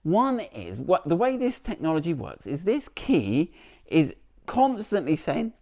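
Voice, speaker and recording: A man's voice: sits high, big pitch swings, moderate pace, dark tone. A man presenting a car vlog outdoors beside the vehicle, chatty and jokey, rambling with restarts as he demonstrates.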